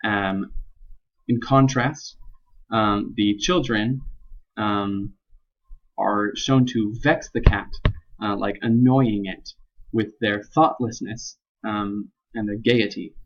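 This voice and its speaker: Halting young man explaining a poem. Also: lowish voice, steady tone. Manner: halting, many ums and restarts. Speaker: student presenting a poem analysis. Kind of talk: unscripted spoken explication. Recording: dull lo-fi recording.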